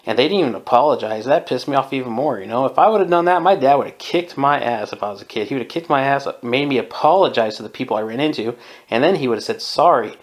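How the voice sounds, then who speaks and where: A fast-talking podcast host in his twenties, from Southern California, shares strong opinions in an easygoing solo monologue. His voice sits mid-range with lively intonation, and he frequently chuckles and does impressions of the people he quotes.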